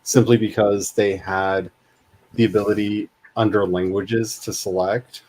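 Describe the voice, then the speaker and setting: A man's voice: lowish voice, little pitch movement, measured pace, darkish tone, rough recording. A man hosting a live stream in casual chat, rambling and restarting his sentences as he tells a story. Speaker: stream host.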